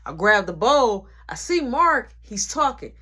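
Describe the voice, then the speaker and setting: A woman telling a story in an animated, slangy way, acting out each scene. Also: on the high side, measured pace, slightly rough. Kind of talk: casual storytelling vlog.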